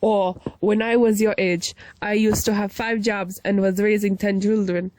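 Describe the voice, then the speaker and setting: A woman's voice: mid-range voice, level tone, normal speed, darkish tone, dry recording, natural voice, poor audio. A woman voicing a smug mother who firmly lectures her child in a self-righteous tone.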